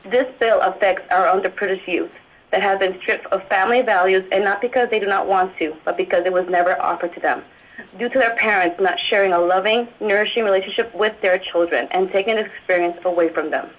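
A young woman from Alaska reads her prepared testimony in an earnest, steady voice. Her pitch sits in an ordinary middle range. The sound comes through a dull, muffled line. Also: brisk. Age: young adult. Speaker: public testifier.

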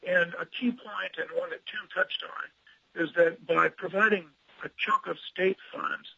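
A man giving earnest public testimony at a legislative hearing, advocating in a measured way with some hesitations. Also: a little high, gravelly, sharp tone, breathy edge, no echo. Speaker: public commenter for a statewide trails nonprofit. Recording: dull lo-fi remote audio line.

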